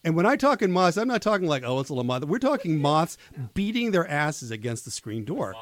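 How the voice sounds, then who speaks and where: A man's voice: on the high side, big pitch swings, fairly quick, noisy background. Rambling middle-aged man on college radio. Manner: rambling storyteller, many restarts. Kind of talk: casual on-air chat. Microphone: studio microphone.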